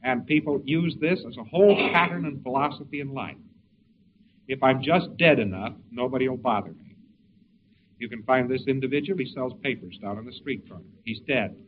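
Male lecturer on a tinny old tape. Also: medium pitch. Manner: conversational, halting with repeated words. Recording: lo-fi phone-like tape, faint hiss.

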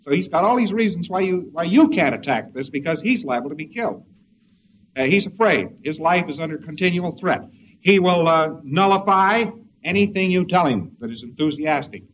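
Man lecturing, fairly high voice, halting, repeats words, phone-like tape. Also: expressive. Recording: lo-fi phone-like tape, faint hiss.

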